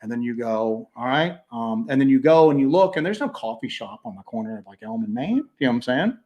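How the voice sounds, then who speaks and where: A man co-hosting a casual livestream, rambling and animated, slipping into quoted voices as he tells stories. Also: mid-range voice, quick pace. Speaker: co-host.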